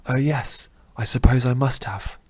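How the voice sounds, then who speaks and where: A man's voice: medium pitch, measured pace, darkish tone, slightly rough, dry recording, voice pushed up. A man voicing an anguished young male hero in a fantasy audiobook, his voice strained and pleading. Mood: despairing.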